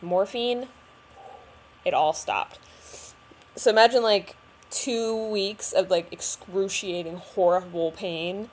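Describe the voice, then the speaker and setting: With a lowish, slightly mellow voice, a young vlogger opens up on camera about going through a hard time. Her storytelling is conversational and packed with fillers.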